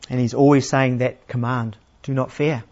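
A man preaching a sermon in a plain, unhurried teaching manner, asking his listeners questions. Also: medium pitch, fairly even intonation, darkish tone. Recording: slightly dull, lo-fi sound.

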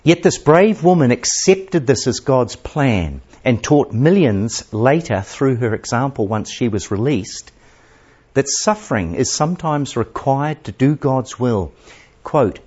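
A male preacher delivers a sermon as a dramatic story, swinging between raised passages and hushed asides. His voice is husky and at an ordinary pitch. The recording is dull and lo-fi. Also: lively intonation, measured pace.

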